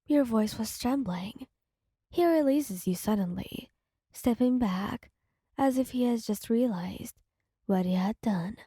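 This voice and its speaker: A woman narrating a second-person audio story in a soft, partly whispered voice. Her tone is mellow and breathy, and she takes it slowly. The sound is dry and close. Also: on the high side, dry recording.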